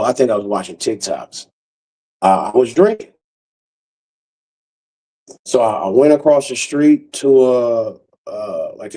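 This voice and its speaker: A man telling a profane, animated story and acting out the other people's voices. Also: medium pitch, husky, low-quality recording. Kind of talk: casual storytelling monologue.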